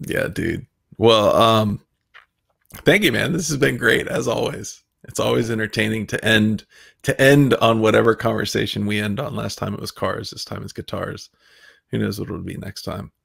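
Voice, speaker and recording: A man hosting a casual interview, relaxed and affirming, wrapping up the conversation. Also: on the low side, moderate pace, vocal fry, breathy edge, dry recording, clean studio sound. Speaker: host.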